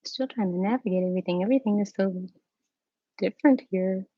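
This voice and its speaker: A woman's voice: mid-range voice, brisk, no room sound, muffled recording. A woman hosting a casual livestream, chatting with viewers and thinking aloud with fillers and little asides. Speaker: livestream host.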